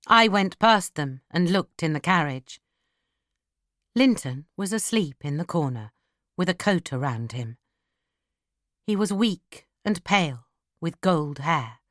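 Woman reading a classic novel aloud, low voice, lively intonation, dry close sound. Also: no room sound. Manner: slow, expressive storytelling. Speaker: audiobook narrator. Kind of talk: scripted narration of a classic novel.

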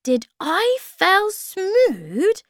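A woman voicing two tiny timid creatures who speak slowly in a high voice and swap the sounds of their words. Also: wildly swooping pitch, a bit bright, no echo, studio quality, full character voice. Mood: squeaky. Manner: slow, high, squeaky, mixes up word sounds.

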